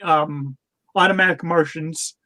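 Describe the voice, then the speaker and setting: A man's voice: on the high side, steady tone, a little slow, pushed and bright. A man co-hosting a podcast, casually recapping a cartoon with lots of fillers, restarts and laughter. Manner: rambling with many fillers and restarts, laughs often. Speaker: podcast co-host. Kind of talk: casual chat reviewing cartoons.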